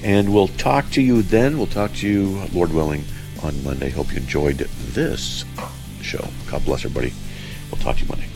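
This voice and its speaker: A man's voice: normal speed, vocal fry, music in the background, rough recording. A man hosting a call-in radio show about theology, talking in loose, rambling sentences full of fillers and breaking into emphatic, scornful exclamations. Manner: emphatic, scornful bursts of high-pitched exclamation.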